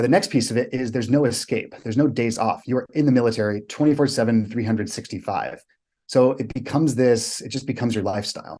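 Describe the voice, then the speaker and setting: A man's voice: fairly low pitch, a little mellow. A man, a guest on a podcast, telling stories vividly and emphatically, with blunt swearing. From United States. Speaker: guest, coach to clients. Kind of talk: storytelling in a podcast interview.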